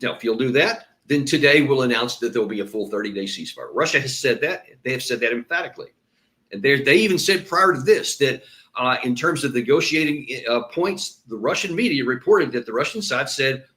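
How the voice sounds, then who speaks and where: A man's voice: medium pitch, lively intonation, fairly quick, pushed and bright. A man hosting political commentary, talking emphatically and often breaking off to restart his sentences. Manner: emphatic, repeats words when stressing a point. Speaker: host and commentator. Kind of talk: solo political commentary with played clips.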